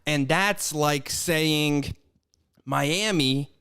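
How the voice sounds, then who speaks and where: A man's voice: fairly high pitch, drawn-out words, fairly bright tone, clean tone. A man co-hosting a podcast, riffing in a rambling, profane way. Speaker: podcast co-host. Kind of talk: casual chat.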